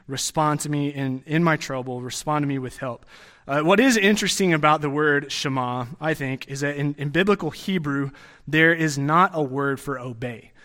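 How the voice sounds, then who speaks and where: Bright-voiced young man preaching casually. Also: medium pitch. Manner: conversational, with frequent restarts and asides. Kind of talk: sermon teaching.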